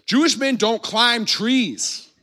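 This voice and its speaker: Animated man preaching a sermon. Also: very high-pitched, slow. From American Midwest. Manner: animated storytelling, acts out crowd voices, laughs often. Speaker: pastor. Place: church.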